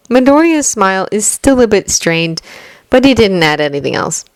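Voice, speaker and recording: A woman's voice: on the low side, no room sound. A woman reading fanfiction aloud as narrator, telling the story expressively.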